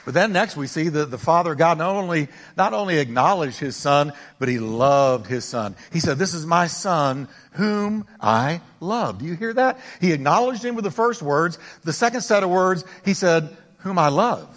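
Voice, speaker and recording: An older male pastor preaching in a church sanctuary, his fairly high voice carrying through a long, echoing hall. He swings from loud, emphatic exclamations to soft, close asides as he preaches. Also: expressive, moderate pace, few pauses. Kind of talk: sermon.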